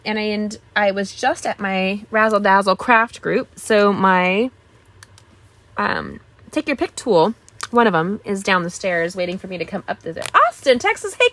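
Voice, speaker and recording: Live craft host, woman, middle-aged, chatty and upbeat, mid-pitched voice. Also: a bit bright, no echo. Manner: chatty, greets viewers, enthusiastic asides. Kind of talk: casual live-stream craft demo.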